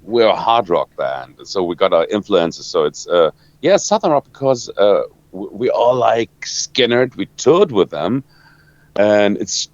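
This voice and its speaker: A man from Germany with a German accent, a rock guitarist answering interview questions in halting English, searching for words and restarting often. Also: lowish voice, sing-song, dry recording. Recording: dull lo-fi dry sound.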